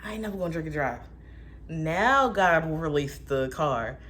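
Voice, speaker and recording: Speaking in a deep voice, a young woman delivers a casual faith monologue on her vlog. Candid and profane, she throws in animated asides and switches voices fast when quoting.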